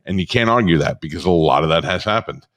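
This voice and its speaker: A man's voice: sits low, lively intonation, fast talker, a bit bright, no room sound. A man co-hosting a podcast in casual chat, blunt and telling stories with acted-out dialogue. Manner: blunt, storytelling with reenacted dialogue. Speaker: podcast co-host.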